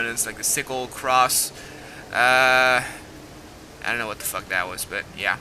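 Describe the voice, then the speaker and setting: A young man rambling excitedly and swearing casually while commenting on a game as he plays. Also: medium pitch, normal speed, a little hiss or hum, low-quality recording. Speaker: gaming video host. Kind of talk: let's play commentary.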